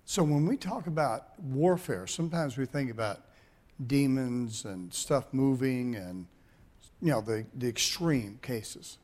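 A middle-aged man, a pastor, preaching a sermon with animated storytelling and calls to the congregation. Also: medium pitch, unhurried.

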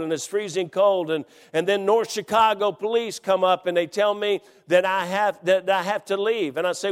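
A middle-aged man preaching a sermon in a church, fervently repeating lines and rising to shouts. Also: high voice, clean tone. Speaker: pastor. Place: church sanctuary. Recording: long hall reverb.

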